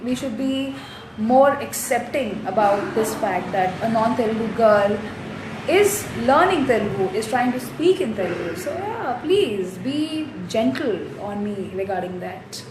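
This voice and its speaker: A young woman with a fairly high voice reads out fan comments and answers them one by one, casual and chatty. Her voice echoes around the room, with a faint hiss underneath. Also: lively intonation, measured pace. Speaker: actress answering fans. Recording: roomy echo, faint noise.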